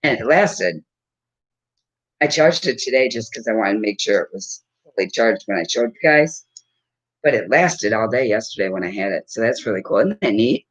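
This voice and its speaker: A woman in her fifties vlogs casually to camera at home with her dog, rambling and laughing often. Her voice is rumbling and low with a breathy edge, expressive, at a moderate pace. The recording is dull and lo-fi.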